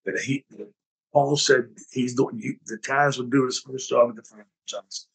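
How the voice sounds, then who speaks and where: A man hosting his own podcast, telling backstage stories in an animated, profane way and acting out the dialogue. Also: mid-range voice, moderate pace, gravelly, slightly rough, rough recording. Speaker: podcast host. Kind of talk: storytelling podcast talk.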